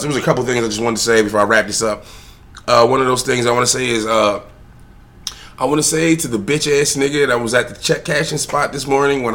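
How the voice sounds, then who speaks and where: A man telling a rambling, profane story straight to the camera, drifting into a heated rant. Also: medium pitch. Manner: swears freely, digresses, rants loudly at times. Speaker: father talking to camera.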